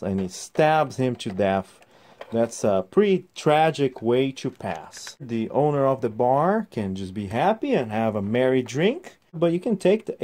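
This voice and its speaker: A man's voice: mid-range voice, a little mellow. A man reviewing a toy set in a casual, chatty way, showing the pieces as he explains them.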